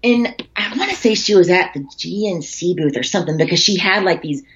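A lowish-voiced woman tells rambling stories in casual podcast chat, full of fillers and cheerful swearing. Her voice comes through a computer call, sounding dull and lo-fi. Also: lively intonation, brisk, a bit bright. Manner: chatty storyteller, frequent swearing and fillers. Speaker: podcast guest, bodybuilder. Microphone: computer call setup.

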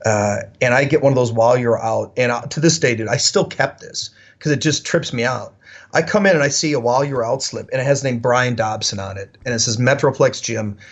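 Husky man telling stories animatedly. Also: medium pitch, fairly quick, highs cut off. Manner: animated, full of "like" fillers. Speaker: podcast guest. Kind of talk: casual storytelling.

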